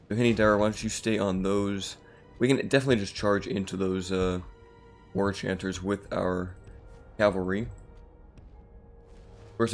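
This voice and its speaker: A man with a slightly rough morning voice, casually commenting on a strategy game as the channel host, relaxed and rambling with fillers. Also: fairly low pitch.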